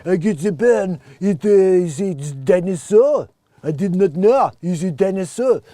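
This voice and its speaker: A man putting on a broad French accent for a loud, bumbling French man who dug up a dinosaur, speaking slow, broken English. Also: high-pitched, animated, dry recording. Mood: excited. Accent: put-on French.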